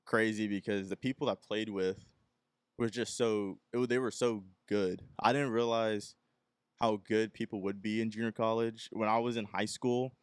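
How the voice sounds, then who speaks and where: A man's voice: on the low side, fairly even intonation, normal speed, clean tone, no echo, clean studio sound. A young man from Texas hosting a podcast, telling a rambling story and acting out the people in it. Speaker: podcast host. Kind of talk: casual solo podcast storytelling.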